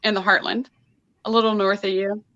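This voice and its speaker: A woman's voice: mid-range voice, flat delivery, fairly quick, pushed and bright, highs cut off. A woman in her forties from Illinois, teasing and giggling as she chats casually on a group video call. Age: 40s. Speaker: panel guest.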